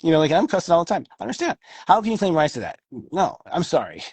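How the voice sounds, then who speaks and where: Husky, animated man who swears freely. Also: a little high, fast, no echo. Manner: animated, swears freely, acts out quoted voices. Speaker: astrology show co-host. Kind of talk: casual chat.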